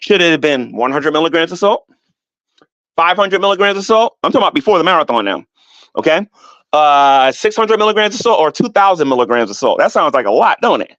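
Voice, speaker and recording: Middle-aged guy ranting on his vlog, kinda high voice, dull lo-fi sound, dry room, keeps repeating himself. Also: brisk, dry recording. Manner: animated, defensive, repeats himself, rises in pitch when heated. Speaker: YouTuber. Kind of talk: rambling vlog rant.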